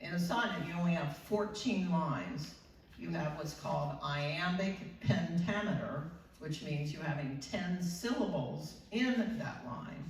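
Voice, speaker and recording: Explanatory woman, slow verse reading, strong room echo, faint background noise. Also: low-pitched. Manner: explanatory, reads verse aloud slowly. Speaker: writing group member presenting. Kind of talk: workshop talk on poetry. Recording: echoey room, distant mic.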